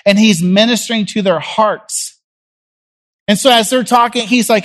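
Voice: medium pitch, normal speed. A preacher from Tennessee, giving a sermon as a conversational story and acting out the people in it. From Jackson, Tennessee.

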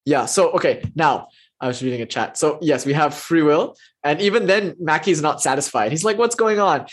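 Man, husky voice, quick animated lecturing, online class teacher. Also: a little high. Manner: fast, animated explaining with playful asides. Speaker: philosophy teacher.

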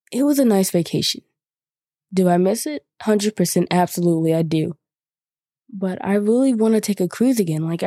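A woman's voice: fairly low pitch, mellow, dry recording, studio quality. A young woman hosting a podcast, telling a casual, chatty story with many 'like' fillers. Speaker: podcast host.

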